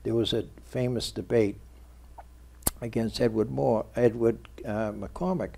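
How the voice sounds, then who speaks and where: A man's voice: medium pitch, steady tone, measured pace, vocal fry, dark tone. A male publisher in a TV studio interview who tells anecdotes and recounts conversations by quoting the people in them. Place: local TV studio.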